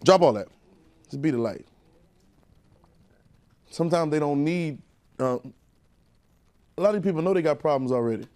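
A man's voice: a little high, expressive, normal speed, pauses often, darkish tone. A man with a Southern US accent preaching a sermon to his church, talking conversationally, laughing and calling for responses from the congregation. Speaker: pastor.

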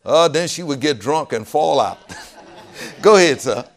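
A man preaching with a lively, swinging voice that sits a little high. He echoes each line read to him. Then he breaks into folksy, joking asides that build in emphasis. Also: unhurried. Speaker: pastor. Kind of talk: sermon teaching, repeating a reader's lines.

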